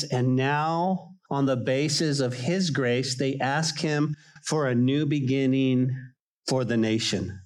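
A man's voice: mid-range voice, poor audio. A man preaching a sermon as a pastor, conversational and emphatic, repeating key phrases.

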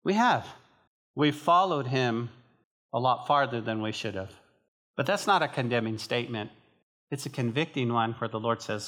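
A pastor from northern New Mexico preaches a sermon to his church, animated, emphatic and conversational. His voice is medium in pitch.

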